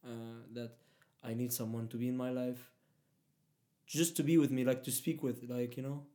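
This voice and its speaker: A young man with a Middle Eastern accent speaks in a relaxed, conversational way. He often pauses on fillers and restarts his sentences. English is not his first language. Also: mid-range voice. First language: Arabic. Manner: hesitant, many fillers and restarts. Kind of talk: casual conversation.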